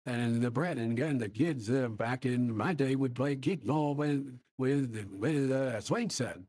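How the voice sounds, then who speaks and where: A man's voice: medium pitch, a little slow, darkish tone, pitched below the performer's own voice. A man doing a voice-changer impression of an old male president who rambles and trails off. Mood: rambling.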